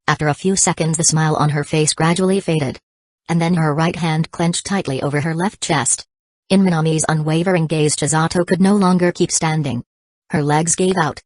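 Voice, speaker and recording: A woman narrates a romance novel in a measured, even voice. Her pitch sits low. The recording is dry and close, with no room sound. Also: no room sound. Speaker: audiobook narrator. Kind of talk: scripted narration.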